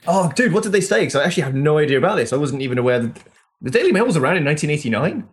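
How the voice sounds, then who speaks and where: Jokey podcast guy, high-ish voice that jumps around a lot, laughs easy. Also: big pitch swings. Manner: jokey, quick to react and laugh. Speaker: podcast co-host. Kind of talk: casual chat.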